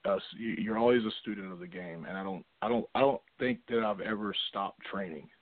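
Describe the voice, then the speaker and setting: A man, a wrestler guest on a podcast, talking in a halting way with many restarts and fillers. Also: fairly low pitch, dry recording. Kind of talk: casual podcast chat. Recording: tinny phone-like line.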